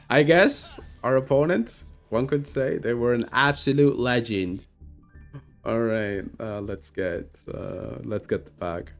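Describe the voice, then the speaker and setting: A man streaming himself playing a card game, chatting casually in an animated, self-mocking, rambling way full of fillers. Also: mid-range voice, slow, vocal fry, soft background music. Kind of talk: casual gameplay commentary.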